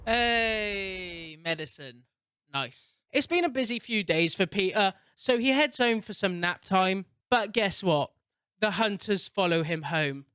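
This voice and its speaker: Excitable sweary man narrating gameplay. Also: sits high, a little slow, smooth, dry recording, clean studio sound. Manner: excitable, sweary, laughs a lot. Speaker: gaming YouTuber.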